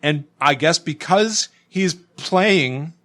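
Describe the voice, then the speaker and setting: A young adult man co-hosting a podcast, talking through a book in casual, animated chat and slipping into quoted voices. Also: fairly high pitch. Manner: animated, quick asides, bursts into quoted voices. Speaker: podcast co-host.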